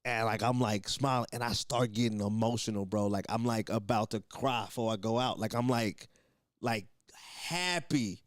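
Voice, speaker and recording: A man's voice: on the low side, normal speed, no room sound. A young man, a comedian, telling a story in a loose, profane way and laughing often. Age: young adult. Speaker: comedian guest. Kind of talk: casual storytelling.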